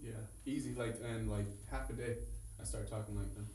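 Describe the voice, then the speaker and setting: A man's voice: fairly low pitch, steady tone, fairly quick, dark tone. A playful man from Los Angeles who teases the others in casual chat as a podcast co-host. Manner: playful, teasing. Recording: roomy, distant mic with faint noise.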